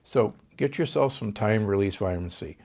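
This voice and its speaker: A man's voice: on the low side, expressive, normal speed, darkish tone. An older man, a doctor, being interviewed and explaining health advice in an authoritative way, with numbers and frequent restarts. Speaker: doctor and guest. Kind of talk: podcast interview.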